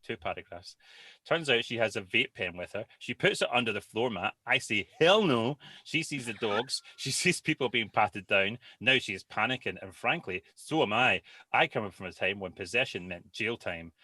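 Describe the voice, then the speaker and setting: A man's voice: fairly low pitch, animated, moderate pace, sharp tone, husky. A man co-hosting a podcast, reading a listener's post aloud and stumbling over hard words. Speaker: podcast co-host.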